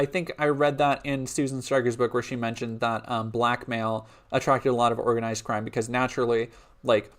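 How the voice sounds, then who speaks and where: A man's voice: medium pitch, a bit bright. Man reading history with casual asides. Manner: casual, laughing asides between read passages. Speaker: streamer.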